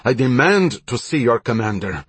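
A man voicing an indignant middle-aged Spanish friar who shouts his demands at soldiers. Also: medium pitch, very animated, normal speed, husky, no room sound, pitched above the performer's own voice. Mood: outraged.

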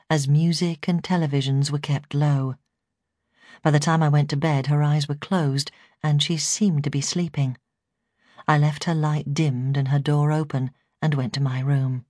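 Low-voiced woman reading a memoir. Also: a little mellow, no room sound, clean studio sound. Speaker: audiobook narrator. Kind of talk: first-person memoir reading.

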